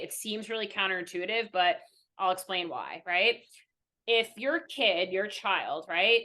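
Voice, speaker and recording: Speaking with a fairly low pitch and sharp tone, this young adult mindfulness coach gives an earnest, teacherly explanation in a podcast interview. Nearly every point ends with a "right?" check-in.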